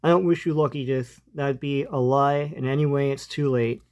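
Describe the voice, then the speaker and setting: A man voicing a gruff, blunt male adventurer archaeologist, reading his comic-book lines aloud in a casual way. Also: mid-range voice, steady tone, moderate pace, a little mellow, muffled recording, close to an everyday voice.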